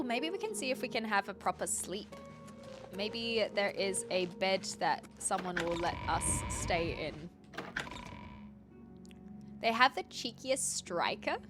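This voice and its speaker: A young woman streamer thinking aloud with lots of fillers as she plays, in casual gameplay commentary. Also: medium pitch. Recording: game music clearly behind. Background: game music.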